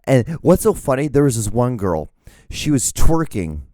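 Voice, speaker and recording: Rambling, profane man with a dark voice. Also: mid-range voice, very animated, normal speed, no echo, studio quality. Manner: rambling, profane and self-mocking. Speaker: podcast host. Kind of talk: casual rambling solo monologue.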